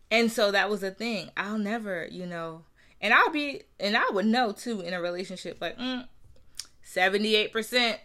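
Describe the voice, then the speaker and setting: A woman's voice: mid-range voice, bright, forceful tone. A woman in her thirties from New Jersey, talking candidly about her feelings and repeating phrases for emphasis. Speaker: mother sharing her story. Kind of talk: personal reflective talk.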